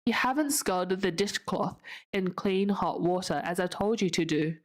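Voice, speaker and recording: A woman's voice: lowish voice, moderate pace, close to an everyday voice. A woman voicing a stern, practical older spinster who speaks firmly and disapprovingly.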